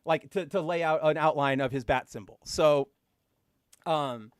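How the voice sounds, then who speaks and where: A man co-hosting a podcast, chatting casually and excitedly, full of fillers and gushing asides. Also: on the high side, a little slow, clean tone, dry recording, clean studio sound. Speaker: podcast co-host. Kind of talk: casual comic book chat.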